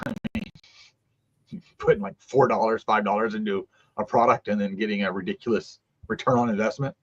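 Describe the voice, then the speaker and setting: A man's voice: lowish voice, steady tone, normal speed, slightly rough, dull audio. A man co-hosting a trading card stream, talking in a rambling way with lots of fillers and restarts. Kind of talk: casual chat.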